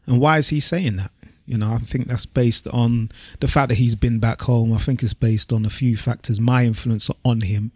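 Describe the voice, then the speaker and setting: A man, co-hosting a podcast in relaxed, reflective casual chat and dropping slang like "bruv". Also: medium pitch, moderate pace, few pauses, slightly rough, no room sound, studio quality. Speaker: podcast co-host.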